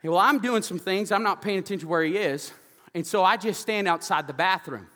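Pastor, male, high bright voice, lively storytelling sermon, church hall reverb. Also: fairly quick. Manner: energetic storytelling preaching, loud and animated. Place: church sanctuary.

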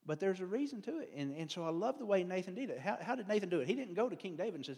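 A man's voice: high voice, very animated, rapid-fire, few pauses, darkish tone, husky. A man preaching a folksy, conversational sermon as a lay speaker, drifting into digressions and self-deprecating humor. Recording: long hall reverb.

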